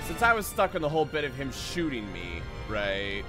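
A man streaming a video game, giving excitable, jokey commentary and swearing often. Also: mid-range voice, normal speed, over music. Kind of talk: casual gaming commentary.

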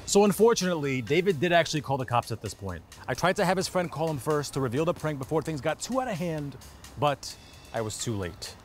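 A man's voice: a little high, animated, fairly quick, faint music behind. A man hosting the show, narrating in an upbeat scripted manner straight to viewers. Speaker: show host.

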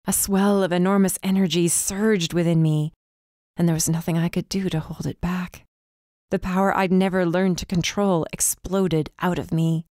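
A woman reading a first-person fantasy audiobook with intense, measured drama. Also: fairly low pitch, steady tone, darkish tone, no room sound, studio quality. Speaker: audiobook narrator.

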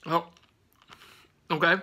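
A man's voice: slow, sharp tone. A man hosting a casual snack review vlog at home, rambling with lots of fillers and laughing often.

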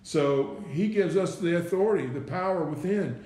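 A man gives a loose, conversational sermon, circling back over his phrases and throwing out rhetorical questions to his listeners. His voice sits a little high for a man. The room around him rings with echo. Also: normal speed, warm tone. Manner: repeats himself, asks rhetorical questions, says "right?" and "listen". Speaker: preacher. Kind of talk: informal sermon. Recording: echoey room.

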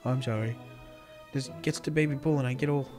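A man hosting a roleplay series, playing himself in excitable casual chat, often calling others dude or man. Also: medium pitch, fairly quick, faint music behind.

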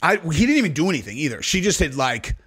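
A man's voice: a little high, sing-song, fast talker, fairly bright tone, breathy edge. Man telling a rambling, profane story. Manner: rambling, profane, laughing at his own story. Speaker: podcast host. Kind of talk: casual storytelling.

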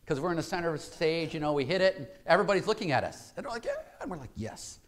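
A man's voice: a little high, lively intonation, rapid-fire. A male pastor giving a conversational sermon in a church, telling a story and asking the congregation rhetorical questions.

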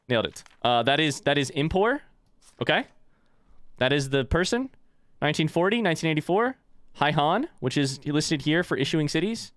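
A man's voice: on the high side, sing-song, moderate pace, fairly bright tone. Chatty young man streaming a game. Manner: chatty, reads game text aloud and answers chat. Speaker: let's play streamer. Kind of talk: live game commentary.

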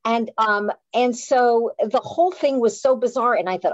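A little high and a little slow, with few pauses, this Canadian author and playwright's voice carries a casual story on a live chat. She's animated, teases herself, and restarts frequently. The recording is dull, dry, and echo-free.

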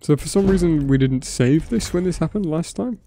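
A man's voice: a little high, lively intonation, a little fast, warm tone, soft background music. A young man casually commenting on his gameplay while streaming, playful and profane.

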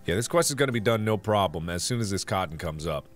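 A man's voice: lowish voice, animated, fast talker, faint music behind. A man streaming a farming game, chatting casually and joking while he talks through his plans. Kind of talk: casual gameplay chat.

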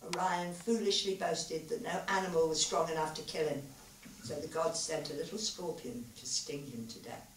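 An earnest, worn-out physicist speaks quietly and confidingly to his partner, voiced by a woman reading her story aloud. The sound is roomy and distant, with faint ambience behind. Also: deep voice, fairly even intonation, moderate pace, a little hiss or hum, close to an everyday voice. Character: thoughtful, weary male physicist, gentle lover. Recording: echoey hall, mic far off.

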